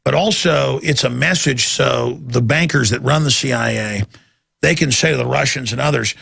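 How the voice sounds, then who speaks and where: Gravelly raspy guy ranting on his show, rambling and worked up. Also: mid-range voice, moderate pace, sharp tone, dry recording, clean studio sound. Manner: emphatic, rambling, agitated. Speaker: show host. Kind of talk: impassioned talk-show commentary.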